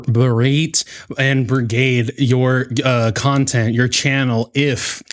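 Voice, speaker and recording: A man hosting a reaction commentary, talking in a sarcastic, mocking way and swearing often. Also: mid-range voice. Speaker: commentary channel host.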